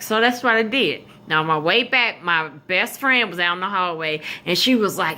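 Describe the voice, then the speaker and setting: Bright-voiced, animated woman storyteller. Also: on the low side, moderate pace, few pauses. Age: adult. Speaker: vlogger. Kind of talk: storytime vlog.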